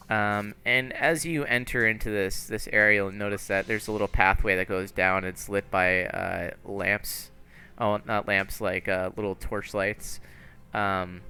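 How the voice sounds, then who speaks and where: A man's voice: fairly low pitch, bright, forceful tone. A man narrating as game master in a tabletop game, laid-back and rambling.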